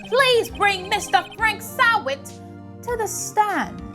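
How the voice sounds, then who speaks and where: A woman's voice: very high-pitched, slow pace, bright, forceful tone, faint music behind, voice pushed up, exaggerated voice. A woman voicing a self-assured male prosecutor who speaks in a formal courtroom manner. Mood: smug.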